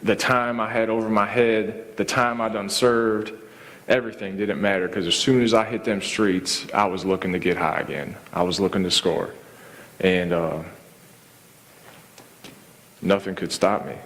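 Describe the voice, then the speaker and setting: A man sharing his personal testimony in a halting, casual way, full of fillers and restarts. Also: lowish voice, steady tone, a bit bright, big-room sound. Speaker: testimony speaker.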